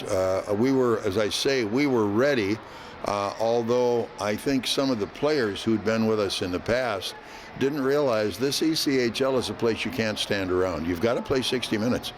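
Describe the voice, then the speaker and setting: An older man, a veteran hockey announcer, telling stories in an interview in a folksy, unhurried way with frequent fillers. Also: medium pitch, animated, a little hiss or hum. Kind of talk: relaxed interview storytelling.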